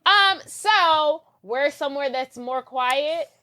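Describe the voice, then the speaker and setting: Animated woman recapping a movie. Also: sits high, slow. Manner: animated retelling, acting out characters with profanity. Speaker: podcast co-host. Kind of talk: casual movie recap chat.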